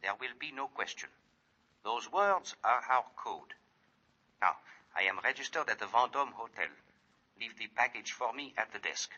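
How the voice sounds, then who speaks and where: A man's voice: mid-range voice, expressive, moderate pace, pauses often, bright, forceful tone. An actor playing a secretive, insistent man giving clipped, formal instructions, in 1940s radio acting. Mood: urgent. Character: secretive insistent male jewel-deal contact. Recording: muffled old radio recording.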